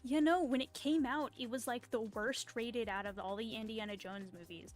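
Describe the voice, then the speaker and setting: A woman's voice: fairly high pitch, moderate pace. A woman streamer chatting casually while she draws, rambling off on tangents. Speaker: artist streamer. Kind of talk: casual chat while drawing. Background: faint background music.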